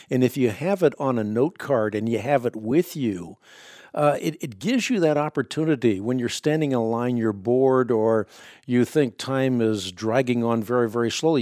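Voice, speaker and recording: A man's voice: mid-range voice, no echo, studio quality. Earnest male radio talk host. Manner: earnest, emphatic, steady promotional delivery. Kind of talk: Christian radio talk and book promotion.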